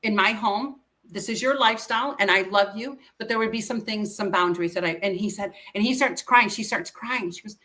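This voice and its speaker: Middle-aged woman, bright clear tone, earnest storytelling, emotional, quotes others. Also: medium pitch, fairly quick, hardly any pauses. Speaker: interview guest. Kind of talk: personal storytelling.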